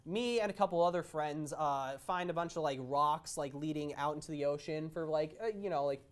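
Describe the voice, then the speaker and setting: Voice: medium pitch, brisk. A young adult co-host telling a story in a casual chat, meandering and stop-start, with frequent hesitations.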